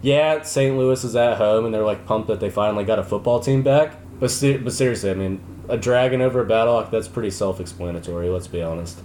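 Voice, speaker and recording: A young man co-hosting a casual sports podcast, bantering and boasting in quick joking back-and-forth. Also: fairly low pitch, darkish tone. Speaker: podcast co-host. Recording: roomy, faint background hum.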